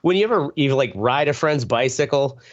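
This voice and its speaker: A man's voice: mid-range voice, expressive, brisk, lo-fi sound. A man co-hosting a podcast in casual chat, rambling and swearing as he tells family stories and acts out voices. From rural Wisconsin farm upbringing. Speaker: podcast co-host.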